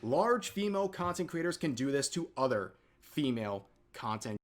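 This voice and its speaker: A man narrating a commentary video in a measured, explanatory way. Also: mid-range voice, sing-song. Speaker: commentary youtuber. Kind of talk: commentary narration in a played clip.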